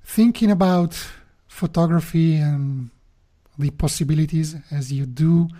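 Halting, mellow-voiced man on a call. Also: on the high side. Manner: hesitant, repeats words while searching for them. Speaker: podcast guest. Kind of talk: casual conversation. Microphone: video call.

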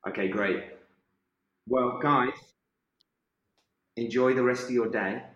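A man's voice: medium pitch, steady tone, slow pace, fairly bright tone, roomy sound, lo-fi sound. A man presenting in casual, playful banter with friends. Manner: playful, leads the conversation.

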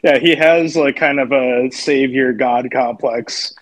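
A man's voice: medium pitch, slow pace, poor audio. A man co-hosting a podcast, chatting casually about a film in a laid-back way and laughing along with his co-host. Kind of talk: casual film review chat.

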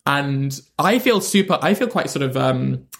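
Creaky-voiced young British man. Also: medium pitch, expressive, measured pace, a bit bright. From United Kingdom. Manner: swearing, laughing, self-mocking. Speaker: comedian guest. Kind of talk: casual podcast chat.

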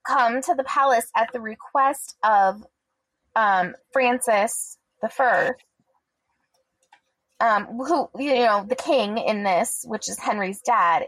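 Slow-spoken wry woman, dry sound. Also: a little high, fairly bright tone, no echo, poor audio. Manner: unhurried, wry explainer with many fillers. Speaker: podcast co-host. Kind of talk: casual chat.

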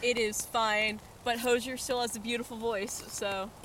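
A woman's voice: on the high side, flat delivery, normal speed, a bit bright, a little hiss or hum. Playful young woman with handheld mic. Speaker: podcast co-host. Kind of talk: casual chat while walking outdoors. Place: woods, outdoors. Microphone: handheld microphone.

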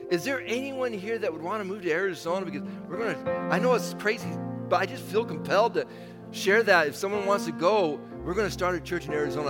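A man in his fifties preaching a sermon as pastor, animated and acting out bits of dialogue in bursts. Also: sits high. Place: church sanctuary. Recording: church hall reverb with faint music.

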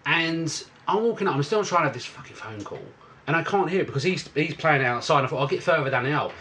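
A man's voice: a little high, fast talker. A man, telling a story in a casual podcast chat and swearing a lot. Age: 50s. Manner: swearing, animated anecdote telling.

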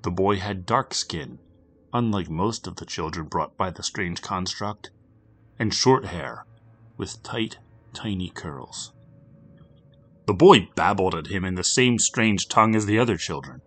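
A man narrating a grim story for a podcast, swinging between loud urgency and hushed, near-whispered passages. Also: sits low, expressive, a little slow, husky.

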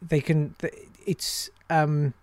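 Self-deprecating comedian, dry sound. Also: male voice, on the high side, level tone, a little mellow, dry recording. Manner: self-deprecating, chatty, drops into quick impressions. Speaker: comedian and impressionist, interview guest. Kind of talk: casual interview chat.

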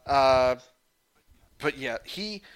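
Man, casual co-host, bright forceful tone, halting and sweary. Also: medium pitch, animated, clear, resonant tone. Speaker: podcast co-host. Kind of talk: casual fan chat.

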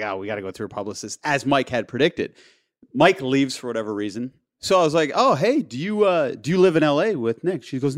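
A man co-hosting a podcast, telling a long story in casual chat and often laughing as he goes. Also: mid-range voice. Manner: animated, laughs through his own story. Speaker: podcast co-host.

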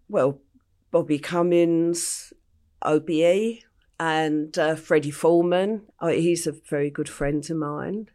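This older English interviewee has a lowish, darker-toned voice. She brings her account to life as a guest, performing the voices of everyone she quotes.

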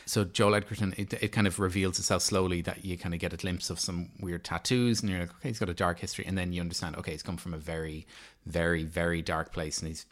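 A man's voice: sits low, little pitch movement, fast, few pauses. A man in his thirties co-hosting a casual film podcast, rambling and chatty with lots of fillers and restarts. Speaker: podcast co-host. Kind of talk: casual film review chat.

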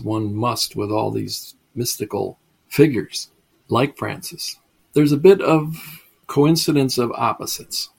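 A man's voice: lowish voice, gravelly, slightly rough. A man giving a storytelling lecture, chatty and digressive, chuckling at his own stories. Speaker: lecturer on mysticism.

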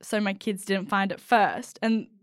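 A woman's voice: medium pitch, a little slow, dry recording. Woman, twenties, podcast co-host, giggly storytelling, dry close sound. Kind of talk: casual chat, reading listener stories aloud.

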